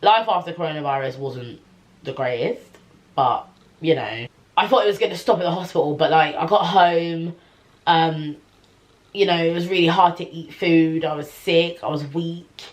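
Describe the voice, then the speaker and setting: A young woman recounting her story straight to camera, her voice sitting low for a woman. She talks in a loose, animated way, full of slang, "like"s and fillers. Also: normal speed. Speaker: vlogger.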